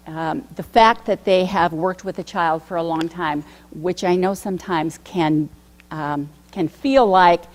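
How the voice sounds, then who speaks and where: A woman presenting a workshop to educators, lecturing in a conversational way with frequent pauses and fillers. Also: medium pitch. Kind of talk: lecture on coaching communication.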